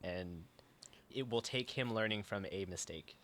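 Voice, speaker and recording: A man's voice: lowish voice, measured pace, fairly bright tone. A man co-hosting a podcast in casual chat, making blunt, dry remarks. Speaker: podcast co-host.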